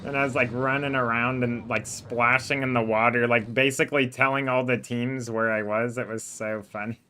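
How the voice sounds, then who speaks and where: Male game streamer, bright voice, rambling casual chat, laughs a lot, desk mic. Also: medium pitch, fairly even intonation, moderate pace, smooth. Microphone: desk microphone.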